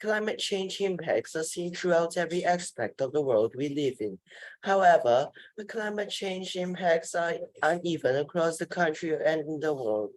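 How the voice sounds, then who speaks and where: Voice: mid-range voice, expressive, normal speed, dry recording, low-quality recording. A student reading a passage aloud to the class, carefully and steadily.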